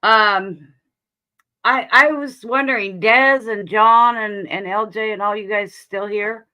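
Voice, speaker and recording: A woman's voice: medium pitch, fairly even intonation, slow pace, bright, forceful tone. A woman hosting a casual livestream, speaking earnestly about her faith and laughing easily. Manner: earnest, sharing personal faith, breaks into laughs. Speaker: livestream host.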